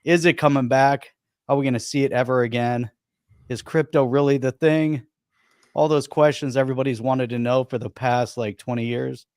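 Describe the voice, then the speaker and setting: An upbeat man hosts a casual live stream, joking and tossing in quick asides. His voice is mid-pitched and sounds close and dry, with hardly any room around it. His talk is loose and chatty. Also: steady tone, darkish tone, smooth, no room sound. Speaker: host.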